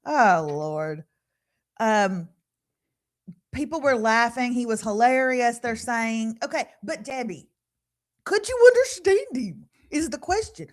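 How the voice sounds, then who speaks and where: Woman, middle-aged, podcast host, animated storyteller, slightly high voice. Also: measured pace. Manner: animated storyteller, laughing, mimicking others. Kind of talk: casual live podcast chat.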